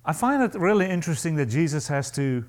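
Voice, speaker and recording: Animated, high-pitched male preacher. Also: quick pace. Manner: animated and emphatic, acting out quoted voices. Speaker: pastor. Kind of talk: sermon.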